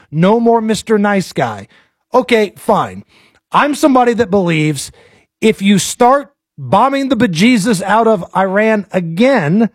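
A man with an American accent hosting a casual political talk show, blunt and animated, pressing his guest with pointed questions. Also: sits high, slightly rough, dry recording, studio quality.

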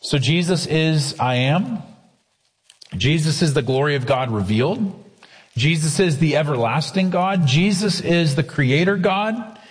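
Guy preaching a sermon, kinda high voice, slows way down on the big lines, long echo. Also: slightly rough. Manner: earnest preaching with slow emphatic quotes. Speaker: pastor.

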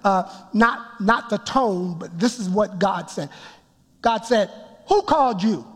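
A man preaching a sermon, telling his story with emphatic build-ups that rise toward shouts. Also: sits high, slow, slightly rough. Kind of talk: sermon testimony. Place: church sanctuary before a congregation. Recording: long reverb of a large hall.

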